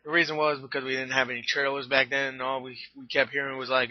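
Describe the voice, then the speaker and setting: A man's voice: medium pitch, little pitch movement, quick pace, few pauses, dry recording. A young man casually ranking his favorite movies, rambling with lots of fillers and the odd swear word. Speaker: movie reviewer. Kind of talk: casual top-movies countdown vlog. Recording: dull lo-fi sound, dry.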